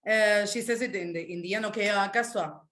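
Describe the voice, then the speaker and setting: A woman's voice: mid-range voice, fast talker. A woman teacher in an echoey room. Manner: relaxed, explanatory, hesitant with fillers. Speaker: language teacher. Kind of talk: live online class.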